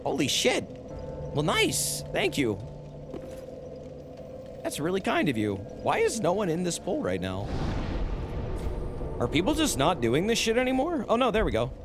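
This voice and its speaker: A man chatting casually to viewers while streaming a game, excitable and quick to shout and exclaim during fights. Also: high-pitched, music in the background. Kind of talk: casual live-stream gameplay commentary.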